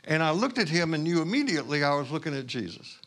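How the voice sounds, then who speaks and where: A male pastor from Houston, Texas telling a personal story in a sermon, conversational and halting with asides. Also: fairly high pitch, big pitch swings, fairly bright tone.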